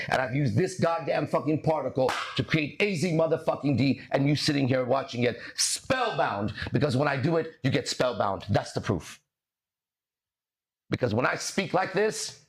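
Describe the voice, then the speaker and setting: A man hosting a podcast as a mindset coach, delivering a swaggering, profane, preachy monologue with dramatic pauses. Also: medium pitch.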